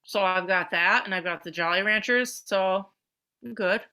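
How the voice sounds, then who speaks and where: A woman in her thirties co-hosting a podcast, chatting casually and animatedly, swearing and swinging her pitch. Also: moderate pace, clean tone. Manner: animated, swearing, jumps between pitch levels. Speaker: podcast co-host. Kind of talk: casual chat.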